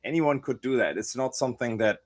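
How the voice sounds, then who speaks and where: A man's voice: mid-range voice, fairly quick. A man hosting a podcast, chatting casually with a hesitant delivery full of fillers and repeated words. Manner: warm-hearted, hesitant, many fillers and repeats. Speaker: podcast host. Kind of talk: casual interview chat.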